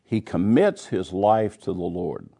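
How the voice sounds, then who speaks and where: A man's voice: low voice, sing-song, a little slow, warm tone. A man teaching a Bible study, reading scripture passages aloud and then explaining them in plain, conversational terms.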